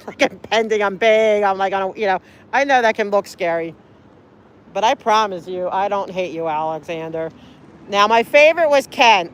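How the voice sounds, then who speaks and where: A woman livestreaming outdoors on a city street, talking in an earnest, pleading, rambling way. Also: medium pitch. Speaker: livestreaming auditor.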